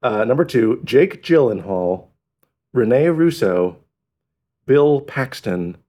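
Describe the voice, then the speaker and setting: A man hosting a trivia round in a casual podcast chat, reading clues slowly and laughing often. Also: medium pitch, lively intonation, warm tone. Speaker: trivia quiz host.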